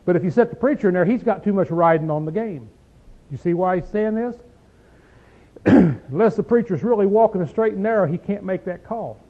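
A high-pitched man leads a Bible study in plain, folksy talk, pressing each point with rhetorical questions. He clears his throat now and then. The sound is thin and tinny, like a phone line. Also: lively intonation, fairly quick. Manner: folksy, emphatic, asks rhetorical questions like "see?" and "okay?". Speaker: preacher teaching a Bible study. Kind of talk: conversational Bible teaching.

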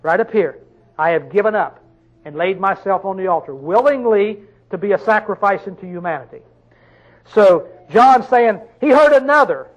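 A man preaching a sermon, reading scripture slowly and drawn out, often questioning his listeners, with sudden loud emphatic bursts. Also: high-pitched, lively intonation, highs cut off.

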